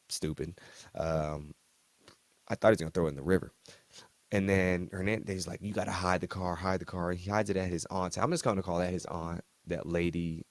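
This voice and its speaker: Deep, gravelly-voiced man doing a casual recap. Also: a little mellow, no echo. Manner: slangy, joking asides. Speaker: host of a TV recap channel. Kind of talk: casual recap and reaction commentary.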